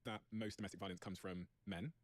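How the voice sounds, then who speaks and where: A man in a casual debate, making even, analytical points. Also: low-pitched, brisk, no echo.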